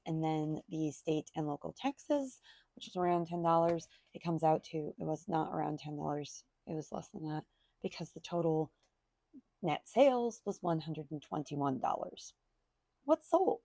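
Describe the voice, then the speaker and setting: Casual vlogger, woman, gravelly and mellow, chatty crafter rambling through her recap. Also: fairly low pitch, dry recording. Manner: chatty, rambling, self-deprecating. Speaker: crochet maker selling at markets. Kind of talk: casual market recap vlog. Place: at home by her computer.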